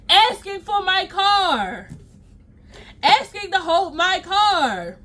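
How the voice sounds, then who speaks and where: A young adult woman, casually telling a storytime vlog, animated and slangy, laughing at herself. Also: high-pitched. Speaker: storytime vlogger.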